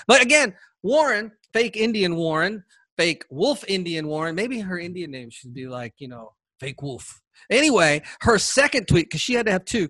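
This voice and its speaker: A man's voice: high voice, bright, forceful tone, no room sound. A man hosting a solo political commentary podcast, talking with sarcasm and mocking asides. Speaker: podcast host.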